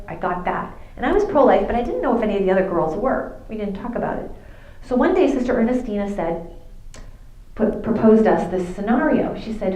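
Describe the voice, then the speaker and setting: A woman's voice: medium pitch, a little mellow. A middle-aged woman, telling a faith story to a youth audience and acting out the dialogue. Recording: echoey room.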